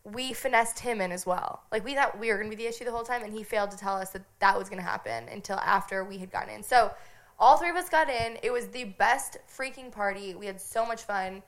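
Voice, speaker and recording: A young woman from Nebraska telling a lively story on a podcast, laughing often and filling her talk with "like". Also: medium pitch, fast. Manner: animated, giggly, lots of "like" fillers. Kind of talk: casual storytelling chat.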